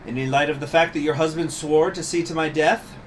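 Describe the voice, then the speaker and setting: A man's voice: fairly high pitch, fairly even intonation, brisk, a little hiss or hum, voice pushed up, lightly acted. A man voicing a stern, contemptuous revolutionary judge, reading game dialogue aloud in a cold, accusing tone.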